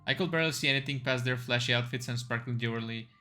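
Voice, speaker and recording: A man plays through a story game, reading its narration aloud and dropping casual asides between scenes. His voice is bright and forceful, with a middle pitch, and faint music plays underneath. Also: racing. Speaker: streamer playing a story game. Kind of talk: let's-play reading and commentary.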